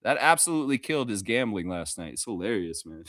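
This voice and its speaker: A man's voice: on the low side, big pitch swings, quick pace, few pauses, fairly bright tone, no room sound, clean studio sound. A man hosting a casual sports live stream, rambling, laughing often and reading chat aloud. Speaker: livestream host. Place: Toronto.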